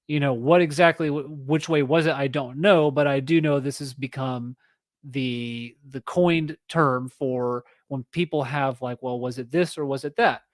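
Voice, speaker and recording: A man's voice: medium pitch, dry recording. A man in his thirties hosting a solo podcast, reading an article aloud with chatty, self-correcting asides. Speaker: podcast host.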